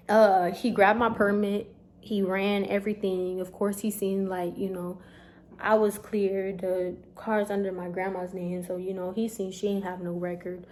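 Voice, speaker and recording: A young woman, telling a storytime vlog straight to her viewers in an animated, chatty way. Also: mid-range voice, slight background noise. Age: young adult. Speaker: vlogger.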